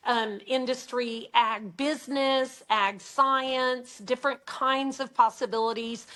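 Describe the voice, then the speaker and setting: A woman from Texas, a rancher guesting on an interview podcast. She explains things in a calm, measured way. Her voice is high, and her pace is unhurried. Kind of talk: casual interview chat.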